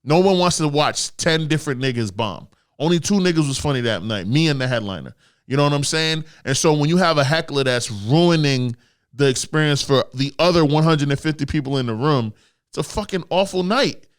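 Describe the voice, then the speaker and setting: A man, a guest comedian, telling a story on a podcast in a loud, animated way full of profane slang. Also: on the high side, a little fast.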